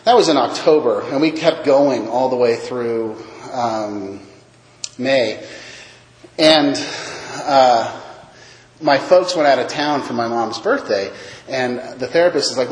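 A man's voice: medium pitch, slow pace. Self-mocking man telling a story in an echoey hall. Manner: self-mocking, acts out quoted voices. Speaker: speaker sharing his recovery story. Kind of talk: recovery meeting talk, storytelling.

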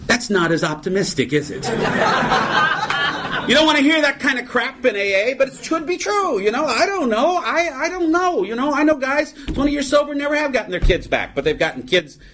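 Middle-aged male meeting speaker, wry and self-mocking, animated delivery with a high voice. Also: brisk, background noise. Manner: wry, storytelling, self-mocking, many "you know"s. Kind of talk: comedic recovery talk to a live audience.

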